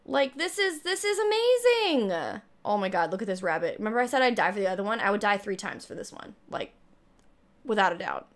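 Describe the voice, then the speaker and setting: A woman's voice: medium pitch, quick pace. A young woman reacting to a trailer and reading it aloud, gushing and a little out of breath. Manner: gushing, squealing with excitement. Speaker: gaming YouTuber reacting to a trailer.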